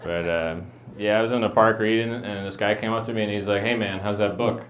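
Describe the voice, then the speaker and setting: Deadpan mumbling man doing stand-up. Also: fairly low pitch, fairly quick, roomy sound, a little hiss or hum. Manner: mumbling, flat deadpan delivery. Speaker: stand-up comedian. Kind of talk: stand-up set. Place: comedy venue with a live audience. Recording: dull lo-fi live recording with crowd.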